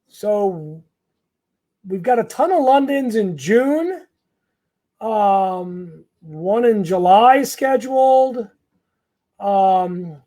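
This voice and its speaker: A man's voice: very high voice, darkish tone. A man working as an immigration lawyer, answering viewer comments in a live Q&A in a blunt, conversational way with lots of fillers and restarts.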